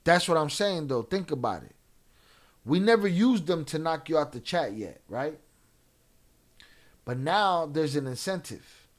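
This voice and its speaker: A man's voice: a little high, sing-song, measured pace, long pauses. A man streaming and reading chat in a loose, profane way, dropping in Spanish slang. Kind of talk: casual live-stream chat.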